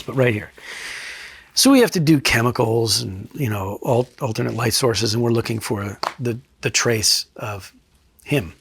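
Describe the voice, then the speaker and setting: A middle-aged retired state trooper from New Jersey telling a case story in an interview, blunt and profane, dropping low and quiet for emphasis. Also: male voice, breathy edge, no echo.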